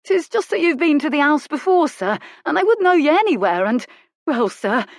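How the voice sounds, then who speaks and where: A woman's voice: sits high, very animated, moderate pace, no room sound, clean studio sound, voice pushed up. A woman voicing a young male footman who stammers with eager admiration in old-fashioned speech. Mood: eager awe.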